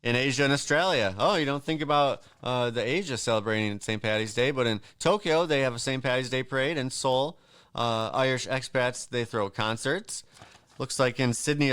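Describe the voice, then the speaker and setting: A man talks on his own as a show host, working through a list of facts and drifting off into wisecracks. His voice comes through smooth and clean, recorded close and dry with no room sound. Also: mid-range voice, fairly bright tone, no echo. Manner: joking, rambling asides with frequent fillers and laughs. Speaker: podcast host. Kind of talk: casual solo monologue reading holiday facts.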